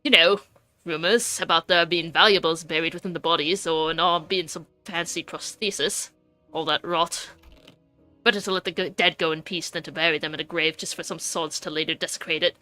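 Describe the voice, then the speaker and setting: A woman's voice: on the low side, steady tone, a little fast, bright, forceful tone, faint music behind. A woman voicing a cheeky, streetwise British woman in a game, with a put-on British accent and a breezy, slangy, offhand manner. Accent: British impression.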